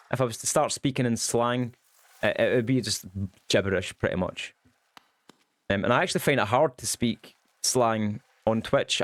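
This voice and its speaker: A young man chatting casually while streaming a game, goofy and quick, with lots of ums. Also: medium pitch, no echo. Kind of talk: casual livestream chat while gaming.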